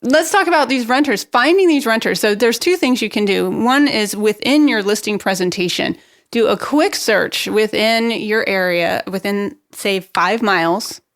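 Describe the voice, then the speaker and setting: A woman speaking as a guest expert on a real estate podcast. She gives practical marketing advice in a brisk, upbeat way. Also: medium pitch, no room sound, studio quality. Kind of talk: podcast interview, explaining marketing tips.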